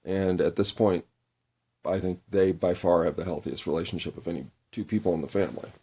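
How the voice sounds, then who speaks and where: A man hosting a solo podcast, talking in a slow, halting way as he searches for words, his voice breaking with tears. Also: sits low, fairly even intonation, dark tone. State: tearful, voice breaking. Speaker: podcast host. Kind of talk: reflective solo monologue.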